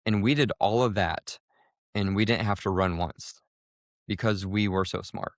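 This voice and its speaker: A man co-hosting a podcast, telling a race story casually, with lively jumps in pitch when he quotes people. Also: normal speed, no echo, clean studio sound. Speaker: podcast co-host.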